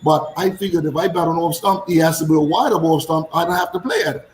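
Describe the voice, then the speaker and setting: A man who used to play cricket, telling animated stories in casual chat and repeating phrases for emphasis. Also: on the high side, fast talker, echoey room, poor audio. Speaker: former cricketer.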